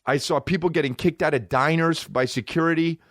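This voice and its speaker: A man's voice: a little high, a little fast, fairly bright tone, no room sound, studio quality. A man hosting a podcast, delivering a heated, profane rant with emphatic repetition. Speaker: podcast host and comedian. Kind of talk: profane ranting monologue.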